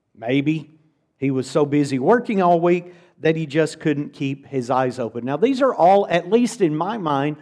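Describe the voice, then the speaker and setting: A man's voice: on the high side, a little mellow. A middle-aged man preaching a conversational, earnest sermon to a church congregation, often repeating words for emphasis.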